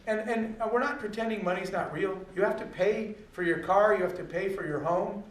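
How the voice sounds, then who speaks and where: High-voiced man telling stories in an echoey hall. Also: brisk. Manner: storytelling, acting out quoted dialogue. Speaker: speaker. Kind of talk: motivational talk to an audience. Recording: echoey hall from far off, faint noise.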